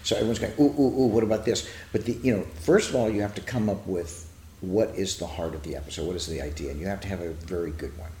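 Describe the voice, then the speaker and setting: Older guy telling stories with lots of restarts, lowish voice, echoey room. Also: quick pace, a little mellow, slight background noise. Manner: rambling storyteller who acts out quotes. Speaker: guest, TV writer. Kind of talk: casual interview chat.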